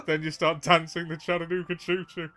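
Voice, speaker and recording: A man's voice: on the high side, flat delivery, a little fast, sharp tone, soft background music. A man chatting casually with his friend, making dry, teasing remarks. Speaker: friend of the host. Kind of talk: casual chat.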